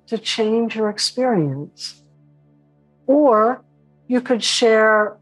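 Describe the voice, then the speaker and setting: A woman teaching an online spiritual class in a casual, animated way, now and then mimicking whiny voices. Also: mid-range voice, poor audio.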